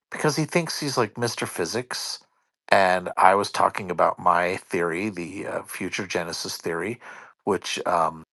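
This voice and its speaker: A man in a casual online voice chat, telling a long story in an animated, profane way. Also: low-pitched, measured pace, vocal fry, dry recording.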